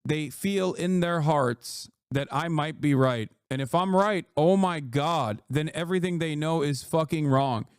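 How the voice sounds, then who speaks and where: A man's voice: unhurried, few pauses, smooth, no room sound, clean studio sound. A man streaming live and reacting to the news in an angry, profane, lecturing rant. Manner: angry, profane and lecturing, voice rising high when heated.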